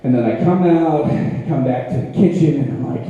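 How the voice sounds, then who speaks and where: A man's voice: on the high side, moderate pace, hardly any pauses, highs cut off. Cussing man telling stand-up stories. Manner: profane, animated, self-mocking. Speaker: open-mic comedian. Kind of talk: stand-up storytelling. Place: open mic venue. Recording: echoey room with long reverb.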